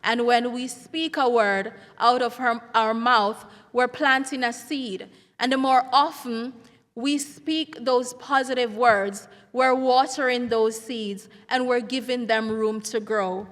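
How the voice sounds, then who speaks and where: A middle-aged woman, a school counselor giving an earnest, measured symposium speech. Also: fairly high pitch, fairly even intonation, a bit bright. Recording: reverberant hall sound.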